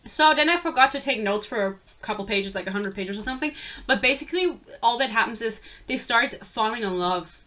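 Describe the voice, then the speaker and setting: A woman's voice: on the high side, animated, fairly quick, pushed and bright. A young woman giving a casual, sarcastic book review rant, swearing freely and chatting.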